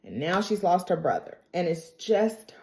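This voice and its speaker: Woman, low voice, chatty emotional recap, stuffy from crying, roomy echo. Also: sing-song, unhurried, warm tone. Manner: emotional, chatty storytelling with dramatic asides. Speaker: TV recap reviewer. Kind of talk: casual recap vlog.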